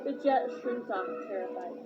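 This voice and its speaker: A woman's voice: mid-range voice, moderate pace. A woman reading a children's novelization aloud with expression, with occasional slips and restarts. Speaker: reader. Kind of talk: storybook read-aloud narration. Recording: dull lo-fi with loud music.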